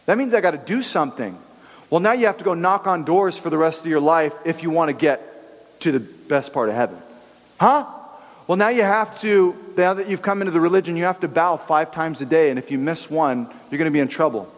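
A man's voice: fairly high pitch, fairly quick, in a large hall. A male preacher giving a conversational, emphatic sermon who acts out the voices he quotes.

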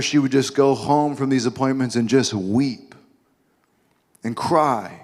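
A male preacher telling a Bible story dramatically, with asides, in a large sanctuary. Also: mid-range voice. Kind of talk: sermon. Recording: long hall reverb.

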